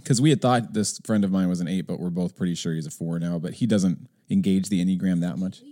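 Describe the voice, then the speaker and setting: A male podcast host telling a story in a relaxed, casual way. His voice is fairly low and mellow. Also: quick pace. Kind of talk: casual conversation.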